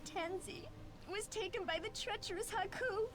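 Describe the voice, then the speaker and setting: A woman's voice: very high voice, moderate pace. A woman voicing a wounded female dryad in a fantasy game, pleading in formal, old-fashioned speech. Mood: anxious. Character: wounded female dryad searching for her lost niece. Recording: game audio under background music.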